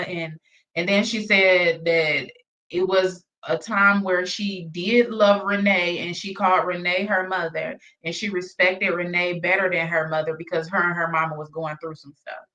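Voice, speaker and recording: A woman hosting a reaction video. She comments in an expressive, gossipy way and talks straight to her viewers. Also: on the low side, moderate pace, dull audio. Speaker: reaction channel host.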